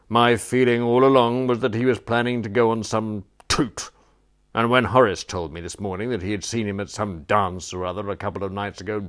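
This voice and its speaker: A man's voice: lowish voice, lightly acted. A man reading an audiobook, voicing a peevish, rambling elderly duke who blusters along. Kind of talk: audiobook character voice.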